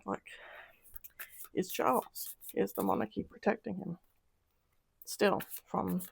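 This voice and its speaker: A woman's voice: mid-range voice, gravelly, a little mellow, slight background noise. A woman doing a casual tarot reading, talking in an upset, emotional way with sighs and trailing sentences. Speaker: tarot reader.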